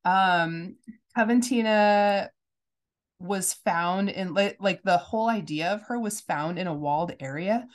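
A woman co-hosting a podcast in casual chat, her voice a little gravelly from being sick, chatty and giggly with lots of fillers. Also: mid-range voice, a little slow. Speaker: podcast co-host.

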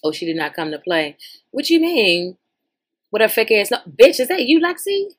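A woman hosting a podcast, giving sassy, profane, animated reaction commentary in as she scrolls social media. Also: fairly high pitch, moderate pace, husky.

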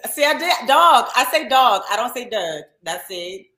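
A woman's voice: on the high side, expressive, normal speed, bright, forceful tone, reverberant, rough recording. A woman from Baltimore with a Baltimore accent, a reality show guest talking casually, blunt and laughing often, swearing freely. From Baltimore, USA. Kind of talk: casual interview chat.

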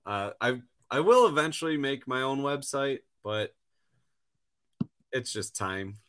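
A man guesting on a podcast, talking about his craft in a relaxed, easygoing way. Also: mid-range voice, a little slow. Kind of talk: casual interview chat.

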